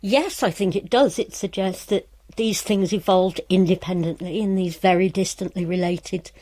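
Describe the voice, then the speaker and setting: A woman with a slightly low voice speaks as a studio guest on a science programme. She explains in a thoughtful, measured way, building each point carefully. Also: warm tone. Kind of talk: explaining in interview.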